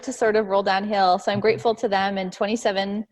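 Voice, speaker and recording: An earnest woman talks on a video call, heartfelt and loose with her words. Her voice sits at a middling pitch for a woman. She strings thoughts together with plenty of casual fillers. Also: level tone, brisk, few pauses. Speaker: casting director and show host. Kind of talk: casual panel chat.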